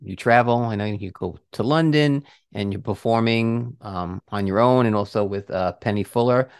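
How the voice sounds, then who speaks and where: A man's voice: on the low side, normal speed, clean tone, dry recording, studio quality. A man hosting a podcast interview, asking rambling questions with restarts and heartfelt praise. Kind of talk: casual interview.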